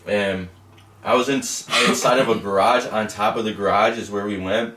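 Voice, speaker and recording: A young man with a low voice rambles through an animated story. The room echoes around him. The mic sits some distance away. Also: normal speed. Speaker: co-host. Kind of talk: casual storytelling chat. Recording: roomy echo, mic at a distance.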